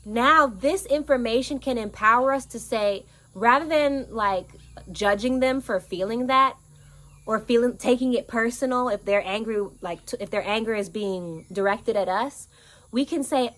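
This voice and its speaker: A woman coaching on inner child healing, talking to camera outdoors in an earnest, animated way with lively quoted asides. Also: on the high side, moderate pace. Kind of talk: casual teaching monologue. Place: outdoors in nature with birds and bugs.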